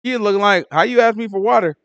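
Male bible teacher, slangy storyteller voice, fairly high, dry close sound. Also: racing, no room sound, highs cut off. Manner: animated storytelling, acts out characters in street slang. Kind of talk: casual Bible study teaching.

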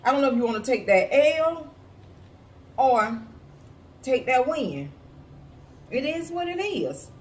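Sassy animated woman, echoey room. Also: high-pitched, takes it slowly, long pauses, recorded from a distance. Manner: blunt, sassy, profane, animated. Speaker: YouTube reaction commentator. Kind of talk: casual reaction-video commentary. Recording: echoey room with faint hiss.

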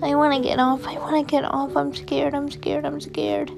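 A small, eager little boy whines and pleads in a raised, slow, gravelly voice, as a woman puts him on. Music plays clearly behind him. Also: high-pitched, voice pushed up, full character voice, poor audio. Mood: scared. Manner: pleading, excitable, childlike.

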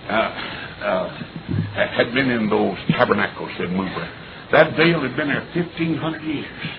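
Impassioned preacher on a tinny old tape. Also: male voice, mid-range voice. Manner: storytelling preacher, rising to impassioned shouts. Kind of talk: sermon. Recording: tinny lo-fi recording with noise.

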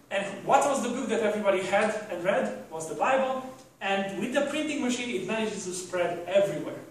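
High-voiced man lecturing in an echoey hall. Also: a bit bright, recorded from a distance. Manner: rambling, self-correcting, rhetorical questions. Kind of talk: university lecture.

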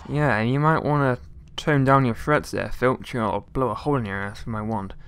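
A man's voice: medium pitch, brisk, fairly bright tone, clean tone. A man giving casual gameplay commentary, rambling along with jokey, mock-outraged asides and mild swearing. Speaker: let's play gamer.

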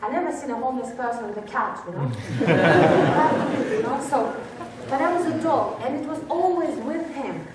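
A woman's voice: sits high, expressive, a little fast, hardly any pauses, over a noisy crowd. A woman presenter at a workshop, telling a motivational story with lots of restarts and acted-out quotes. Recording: very echoey hall, distant mic.

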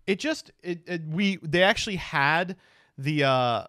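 Casual, swearing young man with a smooth, clear voice, dry close sound. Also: a little high, expressive, a little slow, sharp tone, no room sound. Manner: rambling, profane, joking. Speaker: law student and streamer. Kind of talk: casual storytelling recap.

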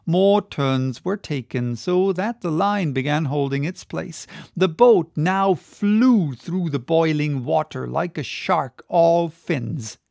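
A man reading a classic novel aloud as an audiobook, in slow, measured, deliberate narration. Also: a little high, vocal fry, darkish tone, no room sound, clean studio sound. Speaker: audiobook reader.

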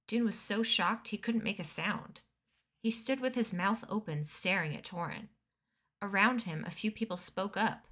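A woman's voice: lowish voice, normal speed, a bit bright. Woman reading a novel aloud. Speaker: reading streamer.

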